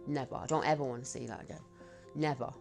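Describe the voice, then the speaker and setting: A woman in her fifties giving emotional, halting testimony as an eyewitness, her voice choking up and tearful. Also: a bass voice, fairly even intonation, vocal fry, a little mellow, faint music behind. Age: 50s. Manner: halting, emotional, repeats herself. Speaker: eyewitness interviewee, researcher.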